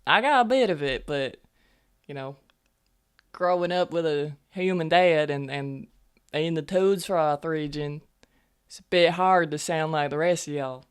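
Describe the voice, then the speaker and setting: A woman's voice: low voice, a little slow, clear, resonant tone. A woman playing a young half-elf army medic in a tabletop role-play, talking in a folksy drawl full of "y'all" and "ain't". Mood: sassy.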